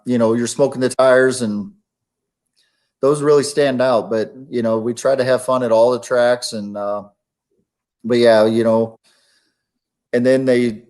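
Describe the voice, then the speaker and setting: A man telling racing stories in a relaxed, rambling way, with lots of fillers. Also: medium pitch. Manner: laid-back, rambling with many fillers. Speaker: guest, retired monster truck driver. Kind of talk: casual storytelling chat.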